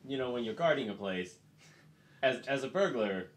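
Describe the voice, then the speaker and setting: A man's voice: mid-range voice, expressive, normal speed. A man in casual chat as a tabletop player, wry and rambling.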